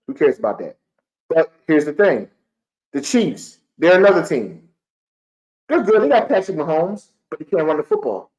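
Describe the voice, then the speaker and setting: Young man, streaming fan-show host, heated repetitive rant, fairly high voice. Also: a little mellow, lo-fi sound. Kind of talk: live-streamed fan sports commentary.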